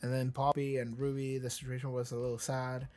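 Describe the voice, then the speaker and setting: Reaction channel host, casual commentary, rambling, stammers and restarts, swearing, middling pitch, faint background music. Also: flat delivery, brisk, a little mellow. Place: seated in a chair.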